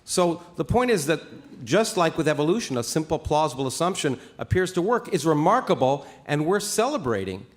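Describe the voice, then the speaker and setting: A man's voice: on the high side, very animated, brisk, hardly any pauses. A male scientist debating on a stage, answering bluntly and insistently in a large auditorium. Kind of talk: formal debate rebuttal.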